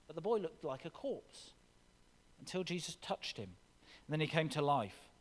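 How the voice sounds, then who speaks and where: A man preaching a sermon with expressive, dramatic scripture reading in a church. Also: a little high. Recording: long reverb of a large hall.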